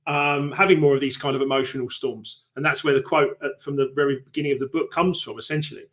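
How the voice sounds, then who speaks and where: A man's voice: mid-range voice, quick pace. A man hosting a live book club stream, chatting casually and explaining ideas through analogies. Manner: animated storyteller, explains with analogies.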